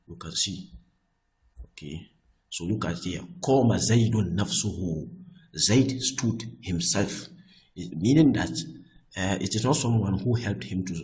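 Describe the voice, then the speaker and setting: A man teaching Arabic grammar, often repeating himself and checking with "I hope that is clear.". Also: sits low, poor audio. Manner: restarts and repeats words often. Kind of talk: explaining Arabic grammar on screen.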